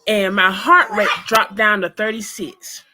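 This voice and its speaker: A woman guest in an interview, telling a personal story in an animated, emphatic way and speaking straight to her listeners. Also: mid-range voice, unhurried, over music.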